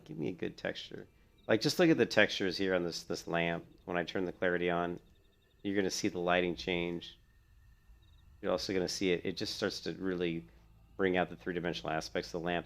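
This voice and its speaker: A man's voice: deep voice, creaky. A young man giving casual, rambling commentary while playing a video game. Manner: rambling, filler-heavy, restarts often. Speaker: gaming video host.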